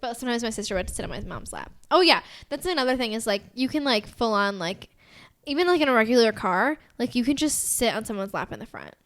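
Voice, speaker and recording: A woman's voice: fairly high pitch, lively intonation, fast, a bit bright. A young woman with an American accent, co-hosting a podcast in bubbly casual chat, full of "like" and giggles. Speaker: podcast co-host.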